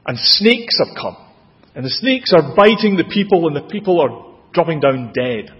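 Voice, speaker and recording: A man with a Scottish accent preaching a sermon, expressive, with dramatic rises in pitch and volume. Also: moderate pace. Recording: dull, lo-fi with long hall reverb.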